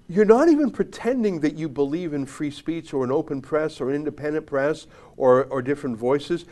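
Sarcastic, animated male commentator. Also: fairly high pitch. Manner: sarcastic, emphatic, mocking. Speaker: commentary show host. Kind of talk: opinionated political commentary.

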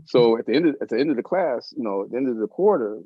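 A middle-aged man in a casual interview, telling an anecdote in an animated way and acting out the voices of people in it. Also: mid-range voice, fast talker, breathy edge, no echo. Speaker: interview guest. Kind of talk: casual storytelling. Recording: slightly muffled dry recording.

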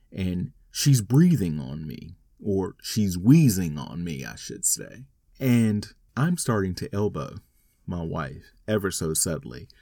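A man's voice: low voice, vocal fry, darkish tone, no room sound, studio quality. A man telling a rambling, wry personal story in a casual monologue. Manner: rambling, wry, self-deprecating.

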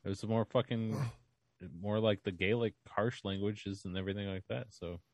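A man's voice: lowish voice, steady tone, moderate pace, no echo. Rambling, hesitant podcast man. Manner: rambling, hesitant, filler-heavy. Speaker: podcast co-host. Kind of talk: casual chat.

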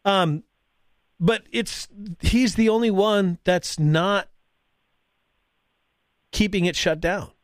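A man's voice: high voice, slow, long pauses, clear, resonant tone, dry recording. Chatty rambling man, dry room. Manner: rambling, laughs often. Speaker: podcast co-host. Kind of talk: casual chat.

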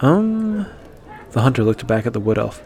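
A man's voice: fairly low pitch, little pitch movement, very fast, creaky, darkish tone. Man reading a story aloud. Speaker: narrator. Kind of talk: storybook narration.

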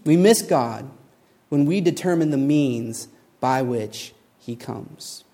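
A man preaching a sermon, telling a story with lively acted-out voices, building to emphatic points. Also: medium pitch, takes it slowly. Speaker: pastor.

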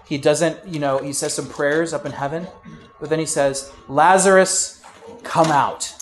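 Male pastor, slightly high voice, casual sermon delivery with big swings in volume. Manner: conversational preaching with frequent fillers and restarts; swings between loud emphasis and quiet asides.

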